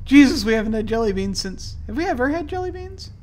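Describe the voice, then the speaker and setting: A paranoid, unhinged man pours out his diary, pitch shooting up and volume swelling into frantic, shrill outbursts, as a man reads him aloud. The voice is higher than the reader's own and grows more unsteady with each entry. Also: very animated, fast talker, a little hiss or hum. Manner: frantic, rising shrill and loud.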